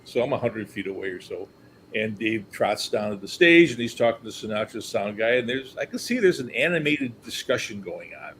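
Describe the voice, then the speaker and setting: A man's voice: lowish voice, a little fast, slight background noise, low-quality recording. An older man who works as a company historian, telling stories as a guest and acting out the people he quotes. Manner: animated storyteller, acts out quotes, chuckles. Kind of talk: anecdotal storytelling.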